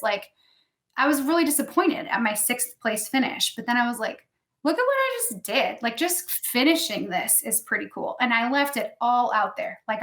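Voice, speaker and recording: A woman in her thirties talks as a guest on a casual podcast, candid and chatty, her voice a little higher than most. The room around her is echoey. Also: a bit bright. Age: 30s. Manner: candid storytelling, heavy use of "like".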